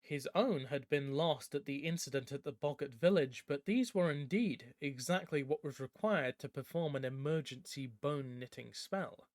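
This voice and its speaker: Male audiobook narrator, steady storytelling, raised pitch, dry recording. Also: no room sound.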